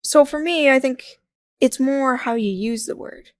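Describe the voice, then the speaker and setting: Chatty young woman, bright and close. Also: high-pitched, measured pace, no echo. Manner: chatty, frequent "like" fillers, laughs often. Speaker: podcast guest. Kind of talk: casual conversational interview.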